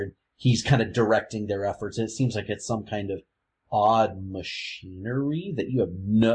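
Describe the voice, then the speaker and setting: A man's voice: lowish voice, a little mellow, husky. A man narrating a tabletop game as game master, hesitant, with frequent restarts. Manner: hesitant, with many fillers and restarts.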